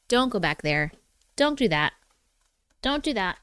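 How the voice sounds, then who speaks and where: A woman's voice: medium pitch, sing-song, measured pace, pauses often, fairly bright tone, clean tone, dry recording. A woman hosting a live stream, casually chatting with viewers, reading their comments aloud and cooing at her cats. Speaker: livestream host.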